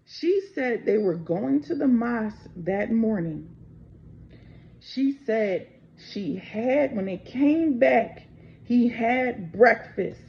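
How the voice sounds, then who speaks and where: A woman's voice: fairly high pitch, lively intonation, takes it slowly, gravelly. A woman from the United States telling a personal story to camera in a raw, unscripted way full of fillers. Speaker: channel host. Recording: dull lo-fi with faint background noise.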